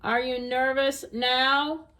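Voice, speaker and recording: A woman reading a storybook aloud, voicing a calm, polite female robot who speaks in a measured, formal way. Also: sits high, exaggerated voice.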